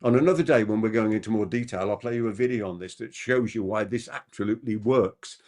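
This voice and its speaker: A man giving a live masterclass on persuasion as a trainer. He talks quickly and keeps asking the audience rhetorical questions. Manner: animated, with big pitch swings.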